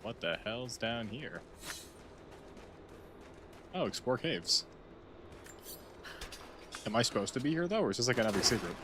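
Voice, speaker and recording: A man's voice: medium pitch, big pitch swings, unhurried, long pauses, noisy background. A young American man streaming a game, rambling and joking casually as he plays. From United States. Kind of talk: casual gameplay commentary.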